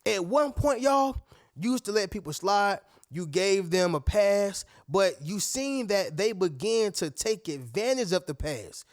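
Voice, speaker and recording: Expressive and unhurried, a man hosts a motivational video captured as a dry, studio-quality recording. He speaks emphatically and preachily to his viewers, "y'all" and "family," frequently acting out what others would say in a higher voice.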